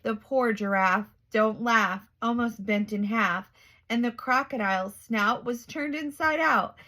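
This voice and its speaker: A woman storyteller reading a rhyming children's picture book aloud. She takes her time with each line, in a slightly high, expressive voice. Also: measured pace, low-quality recording.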